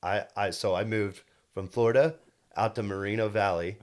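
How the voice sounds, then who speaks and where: A man's voice: lowish voice, steady tone, moderate pace, darkish tone. A young man in his twenties, a podcast co-host, telling a personal story in casual chat, earnest and rambling with many restarts. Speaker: podcast co-host and solar salesman.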